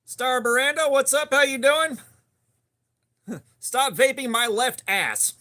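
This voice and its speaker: A man's voice: very high voice, slow pace, bright, forceful tone. A man hosting a laid-back live stream, greeting chat viewers by name. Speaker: livestream host.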